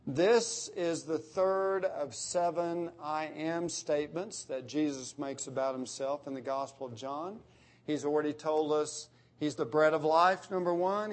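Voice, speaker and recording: Emphatic preacher, a man with a higher voice. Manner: emphatic, repeats key phrases with rising force. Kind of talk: expository sermon.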